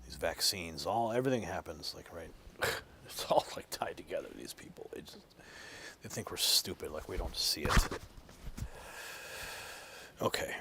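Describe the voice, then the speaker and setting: A man hosting a live online news show, switching between a loud, punchy scripted read and quiet, muttered asides to his crew. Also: sits low, animated, normal speed, slight background noise.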